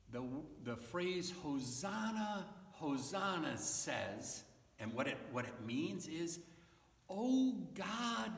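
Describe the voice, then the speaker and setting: Slow, gentle pastor giving children's sermon. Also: male voice, on the high side. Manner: gentle, slow, coaxing, asks children questions. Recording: echoey, reverberant, from far off.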